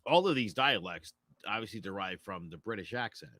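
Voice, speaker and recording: American male co-host, bright tone, animated swings in pitch, joking and opinionated. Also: brisk, no echo. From United States. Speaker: podcast co-host. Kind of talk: casual chat.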